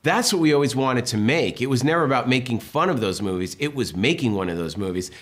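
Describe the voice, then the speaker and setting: Brief: male director guest, animated and enthusiastic storyteller, mid pitch. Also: fast talker. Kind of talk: casual interview talk.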